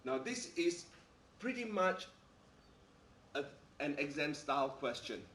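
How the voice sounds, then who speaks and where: A male maths teacher lecturing a class, pressing his points and checking in with his students after nearly every sentence. His voice sits a little high for a man. It is caught from a distance in an echoey classroom. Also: sing-song, takes it slowly, a bit bright, slight background noise. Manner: emphatic, repeats "all right?" often. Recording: echoey room, mic far off.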